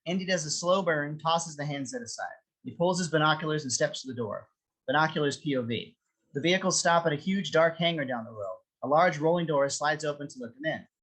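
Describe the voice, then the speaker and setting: Man narrating a script reading, fairly high voice, steady, descriptive. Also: breathy edge, rough recording. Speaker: narrator reading stage directions.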